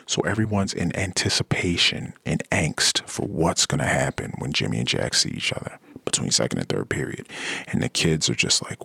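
A man's voice: a bass voice, normal speed, vocal fry, husky, no echo. A man hosting a podcast, talking through a casual monologue and acting out the people he quotes. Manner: animated, acts out quoted voices. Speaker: podcast host.

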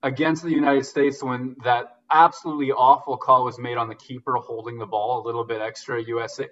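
A man's voice: mid-range voice, level tone, brisk, fairly bright tone, far from the mic, dull audio. A man guesting on a sports podcast, eager and openly emotional about the games, filling gaps with "like" and "um". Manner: enthusiastic, gets emotional, fillers like "like" and "um". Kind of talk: casual sports chat.

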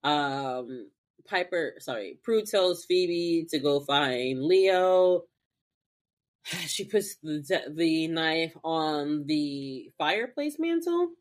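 A woman co-hosting a podcast, recapping a TV episode in an animated, profane way. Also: low voice, drawn-out words. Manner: animated, profane, acts out characters. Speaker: podcast co-host. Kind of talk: casual chat recapping a TV episode.

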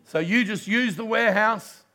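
A middle-aged man, preaching a sermon in church and telling a story with passion, dropping to a hush and then rising loud. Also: high voice, moderate pace. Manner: impassioned storytelling preacher, swings from hushed to loud. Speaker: pastor.

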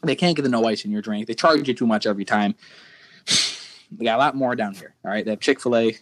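A man's voice: mid-range voice, quick pace. A young man co-hosting a podcast, rambling through casual rants with frequent restarts. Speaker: podcast co-host. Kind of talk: casual chat.

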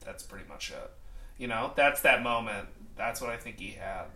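A man's voice: lowish voice, expressive, moderate pace, pushed and bright. Joking, rambling man in a roomy space. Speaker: podcast co-host. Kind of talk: casual chat. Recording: roomy echo.

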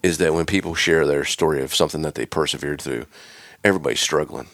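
A man hosting a podcast, asking a guest questions in relaxed chat and encouraging him with short replies. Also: extremely low pitch, fast, no echo. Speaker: podcast host. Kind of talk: casual interview chat.

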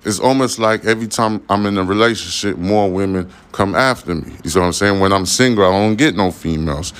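A man's voice: deep voice, brisk, fairly bright tone, clean tone. A young man hosting a podcast, rambling casually in a profane, slang-heavy monologue. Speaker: podcast host.

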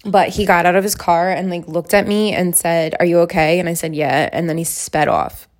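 A woman's voice: on the low side, moderate pace. A young woman in her twenties chatting casually as she answers question prompts, rambling with lots of fillers. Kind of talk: casual chat.

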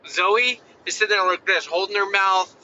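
A man in his thirties chatting casually, telling animated stories about his kids and acting out their voices. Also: high voice, moderate pace, muffled recording, slight background noise. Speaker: father. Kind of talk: casual chat.

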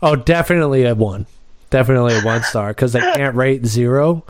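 A man's voice: mid-range voice, fairly quick, dry recording. A man with an ordinary mid-range voice hosts a casual podcast chat. He tells stories bluntly and swears freely. The sound is dry and close, with no room around it. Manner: profane, blunt storyteller. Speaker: podcast host.

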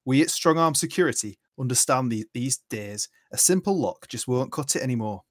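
A man voicing a gruff Northern male dwarf who pitches home security in a hard-sell advert, with a put-on Yorkshire accent. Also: expressive, fairly quick, dry recording, clean studio sound, natural voice. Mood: salesy.

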